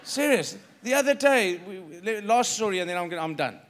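A man's voice: high-pitched, animated, moderate pace, a bit bright. A man preaching a sermon as a pastor, emphatic and repeating phrases, acting out the quoted dialogue in his story.

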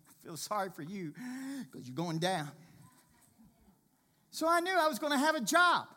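Man preaching a testimony, bright tone, slightly high, dynamic delivery. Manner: animated storyteller, swings from low murmurs to loud exclaiming. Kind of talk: sermon testimony.

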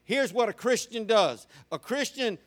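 Male pastor, high-pitched preaching voice, emphatic and repetitive. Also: lively intonation, unhurried. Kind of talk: sermon.

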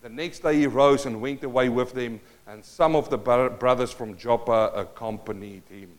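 A man preaching a sermon, reading scripture aloud with loud emphatic bursts and dropping to quiet asides, often thinking aloud and restarting. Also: medium pitch, normal speed. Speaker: pastor.

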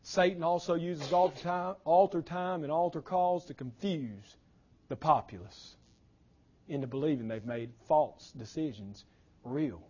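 A man preaching a sermon as pastor, impassioned, his voice swinging from loud declarations to hushed lines. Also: on the high side, measured pace, slightly rough, dull audio.

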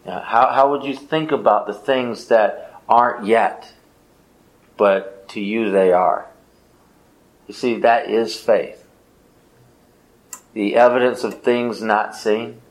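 A man's voice: lowish voice, takes it slowly, pauses often, poor audio. A man leading an informal Bible study, teaching in an emphatic way, repeating phrases and answering his own questions.

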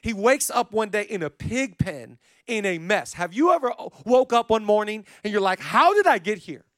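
A preaching pastor with a high voice for a man, recorded dry with little room sound. He moves between hushed, intimate stretches and loud, emphatic calls to his listeners. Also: animated, normal speed, no room sound. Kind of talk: sermon. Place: church stage.

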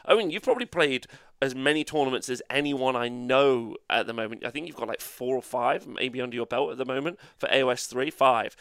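A man's voice: mid-range voice, fairly bright tone, no room sound, studio quality. A man co-hosting a casual tabletop gaming podcast, chatty and full of fillers, reading out chat comments. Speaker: podcast co-host.

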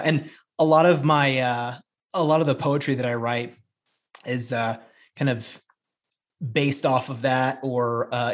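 A man, a professor and amateur poet, explaining things thoughtfully in a radio interview, with frequent fillers. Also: medium pitch.

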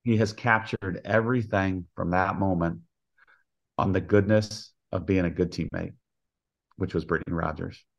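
An older man, a college softball coach, telling stories in an interview with an earnest manner, acting out the voices of people he quotes. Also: low voice, fairly even intonation, moderate pace, vocal fry, dull audio. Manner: earnest storyteller who acts out quoted dialogue. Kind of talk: storytelling interview.

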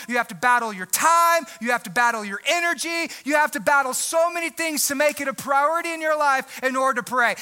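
Loud high-voiced preaching man. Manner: loud, emphatic, shouting at times. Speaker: pastor. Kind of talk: preaching a sermon.

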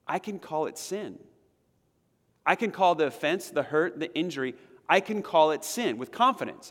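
A man preaching a sermon as pastor, building to loud, emphatic peaks and dropping to hushed prayer. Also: a little high, expressive, moderate pace, in a large hall. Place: church sanctuary.

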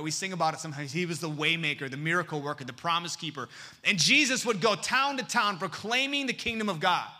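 A man preaching a sermon as pastor, joking with the congregation and dropping to a hush for emphasis. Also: high-pitched. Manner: lively and humorous, swinging between loud and hushed.

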